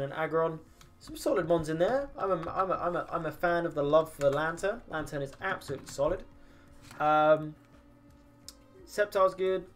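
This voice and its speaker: A tired man with a medium voice, chatting casually on a gaming livestream, answering chat, swearing, with many ums and restarts. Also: fairly high pitch. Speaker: streamer.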